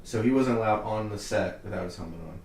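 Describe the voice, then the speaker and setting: A young man hosts a casual podcast chat, his fairly low, slightly mellow voice moving fast as he rants heatedly, swears a lot, and laughs. He sounds distant and off-mic, with a roomy echo and faint hiss.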